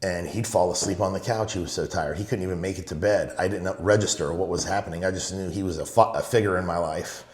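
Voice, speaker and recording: A middle-aged man from Los Angeles speaks in a low voice as a podcast guest, winding through memories in a casual, rambling way. He often falls back on "you know" while he retells what his father used to say. The room around him has a noticeable echo. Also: quick pace, hardly any pauses. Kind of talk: casual storytelling.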